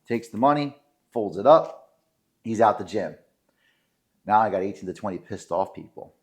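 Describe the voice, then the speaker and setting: A man's voice: fairly low pitch, animated, normal speed, slightly rough. A man, co-hosting a podcast and telling self-deprecating referee stories with many fillers. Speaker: podcast co-host, sports referee. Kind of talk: casual storytelling chat.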